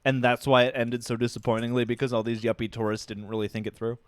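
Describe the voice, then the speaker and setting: A man's voice: mid-range voice, little pitch movement, fast talker, clean tone. A man co-hosting a live stream, joking around and reading viewer comments aloud in a casual way.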